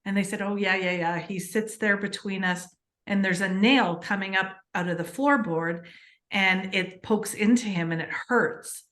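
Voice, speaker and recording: Female podcast guest, earnest storyteller, mid pitch, echoey room sound. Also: normal speed. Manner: earnest, animated storytelling with many fillers. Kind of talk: casual interview chat.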